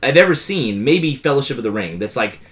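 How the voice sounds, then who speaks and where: Enthusiastic man with lively intonation. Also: medium pitch. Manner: enthusiastic, halting restarts. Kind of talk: casual chat.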